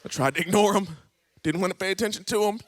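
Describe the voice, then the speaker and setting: A man telling a personal testimony in church, a dramatic storyteller who swings between hushed tones and shouting. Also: sits high, fast talker, no room sound. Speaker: guest speaker.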